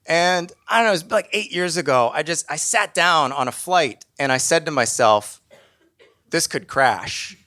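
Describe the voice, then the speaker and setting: A man telling a comic personal story on stage, lively and self-mocking. His voice sits a little high and rings bright and sharp, and he plays his own fears for laughs. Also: normal speed, hardly any pauses.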